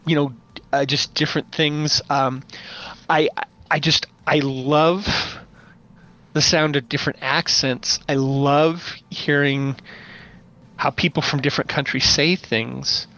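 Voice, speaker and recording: A man who runs tabletop games, chatting on a podcast as an animated storyteller. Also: on the high side, slow pace. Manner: animated storyteller, playful voice imitations. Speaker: podcast guest, game master. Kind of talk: casual podcast chat. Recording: dull lo-fi audio.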